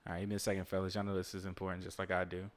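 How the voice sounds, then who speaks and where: A man's voice: low-pitched, monotone, very fast. Laid-back man giving casual advice. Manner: laid-back, swears and laughs, talks to listeners while playing a video game. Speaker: podcast host. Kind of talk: casual motivational monologue.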